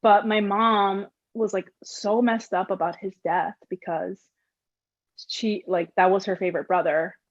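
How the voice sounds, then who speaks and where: A woman interviewing a guest in casual conversation, chatty and lively, with many "like" fillers. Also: mid-range voice, measured pace, dry recording, lo-fi sound.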